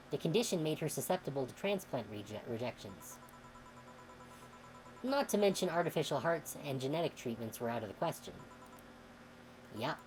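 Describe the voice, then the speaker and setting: A woman streamer reading a game's dialogue aloud, expressive and sometimes heated. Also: sits low, a little hiss or hum, poor audio. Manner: expressive, swings into heated outbursts when reading.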